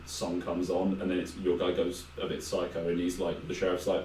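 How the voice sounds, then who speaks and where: A man's voice: low-pitched, flat delivery, normal speed, hardly any pauses, darkish tone, recorded from a distance. A man, co-hosting a podcast and retelling a game's story in a rambling, casual way full of fillers and quoted asides. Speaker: podcast co-host. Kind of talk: casual chat, game recap. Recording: echoey room, off-mic, faint noise.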